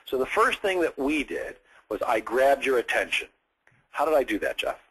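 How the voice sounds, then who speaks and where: Male sales trainer, husky, direct, explains step by step, broadcast feel. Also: mid-range voice, sing-song, normal speed, a bit bright, rough recording. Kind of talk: coaching session on phone scripts.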